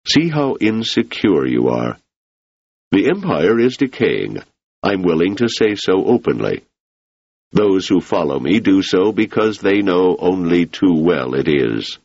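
Joranum: a man doing a pushy, driven politician, husky and gravelly, a bit higher than the reader's own low voice. Dull, dry studio sound. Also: darkish tone, no echo, heavily acted. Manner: insistent, urging. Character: ambitious, intense male politician, persuasive and forceful.

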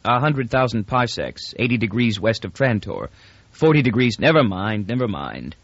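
A man's voice: medium pitch, animated, moderate pace, husky, dry recording, highs cut off. A male narrator voicing an irritable young man who gives terse, guarded answers in an audiobook.

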